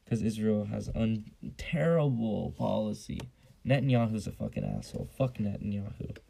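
A man's voice: on the low side, big pitch swings, normal speed, creaky, dark tone, breathy edge, rough recording. A young man hosting a casual solo podcast, blunt and profane, rambling with lots of fillers on a basic home mic. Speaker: podcast host.

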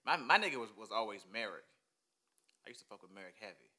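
Bright-voiced man in casual banter. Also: fairly low pitch, fast. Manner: animated, profane banter with frequent laughter. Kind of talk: casual chat.

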